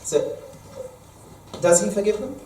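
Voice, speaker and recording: A man, an imam, leading a Quran study lesson, explaining verses at length and reciting Arabic quickly, recorded in an echoey mosque hall from a distance. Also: sits high, warm tone, slight background noise. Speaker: imam teaching a study circle. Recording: echoey room, mic far off.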